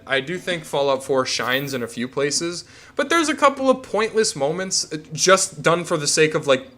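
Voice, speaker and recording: Bright-voiced man ranting casually. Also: a little high. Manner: rambling, profane ranting. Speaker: streamer. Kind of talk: casual game chat.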